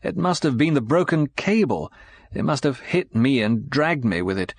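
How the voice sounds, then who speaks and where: A man's voice: medium pitch, very animated, normal speed, vocal fry, no room sound, voice pushed up. A man reading an audiobook, voicing a weary, battered British secret agent who speaks in a tired, understated way. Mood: dazed.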